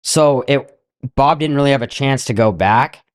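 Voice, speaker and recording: A man's voice: mid-range voice, normal speed, smooth, no room sound. Profane young man telling a story. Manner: loose and profane, retelling with quoted asides. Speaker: podcast co-host. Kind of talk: casual storytelling.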